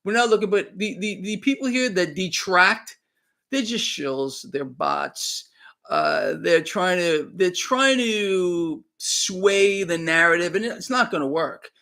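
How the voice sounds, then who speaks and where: A man's voice: sits high, expressive, slow, gravelly, bright, forceful tone. A man talking fervently on a live stream, emphatic and repeating himself. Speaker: online commentator.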